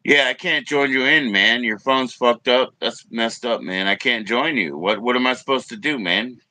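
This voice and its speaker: A man's voice: medium pitch, moderate pace, sharp tone, dry recording. A man chatting loosely on his live stream, rambling and swearing as he talks to his viewers and fights technical trouble. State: coughing at times. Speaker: livestreamer. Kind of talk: casual live stream chat.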